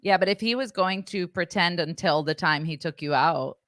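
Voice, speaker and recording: A woman's voice: lowish voice, normal speed, fairly bright tone, no echo, clean studio sound. A woman co-hosting a parenting podcast, reacting in casual chat with blunt, teasing remarks. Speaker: podcast co-host.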